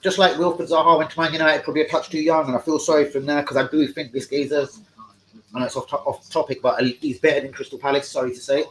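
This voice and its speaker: A man hosting a live stream, rambling through football fan chat with heavy swearing and excitable outbursts. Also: a little high, fast talker, slight background noise, poor audio.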